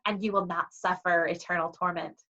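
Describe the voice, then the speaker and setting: Woman putting on a hissing demon fury lady, southern drawl, slow and menacing, kinda muffled audio. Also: fairly low pitch, fairly even intonation, bright, forceful tone. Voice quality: slow, drawn-out hiss. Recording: dull lo-fi recording.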